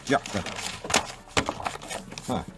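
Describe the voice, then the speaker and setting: A man's voice: very slow, fairly bright tone. An actor playing a pompous, awkward middle-aged male local radio DJ with an English accent, rambling and fawning in a comedy radio show. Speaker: radio host.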